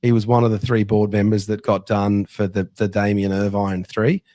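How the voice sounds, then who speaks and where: An Australian man hosting a casual sports podcast, telling an animated anecdote in a chatty way. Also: fairly low pitch, normal speed, no room sound, clean studio sound. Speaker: podcast host.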